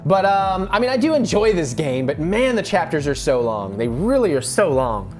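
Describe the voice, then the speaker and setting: A man's voice: a little high, normal speed, soft background music. A man co-hosting a let's play, giving casual gaming commentary and yelping and swearing at the game. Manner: excitable, yelps and swears at the game.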